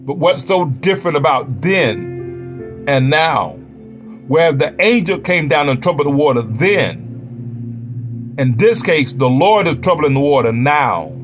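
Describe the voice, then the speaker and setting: Man, preacher, sermon, chanting repetition, slightly high voice, loud music behind. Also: expressive, slow. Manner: chanting repetition, rising to shouts.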